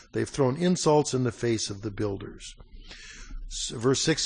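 A man giving a sermon in a conversational way, with many fillers and frequent throat clearing, reading scripture passages aloud more slowly. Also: medium pitch. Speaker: preacher.

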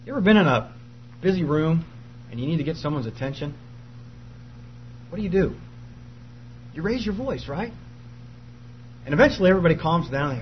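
A man's voice: fairly high pitch, lively intonation, brisk, pauses often. A man delivers an earnest sermon in a slightly raised voice, leaning on key phrases with emphasis. The recording is dull and lo-fi, with a faint hum underneath. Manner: earnest, emphatic preaching reading scripture aloud. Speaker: preacher.

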